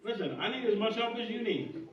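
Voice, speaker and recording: A man with a high voice preaches a sermon, switching between animated, humorous stories and earnest points. He sounds fairly distant from the mic, and the church room rings around him. The recording is dull and muffled. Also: a little fast, roomy sound. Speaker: pastor. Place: church sanctuary.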